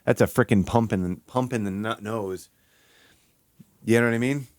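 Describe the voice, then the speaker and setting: A man from Michigan chatting casually on a live stream, goofy and crude, rambling with giggles and sudden high yelps. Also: moderate pace, no room sound, studio quality.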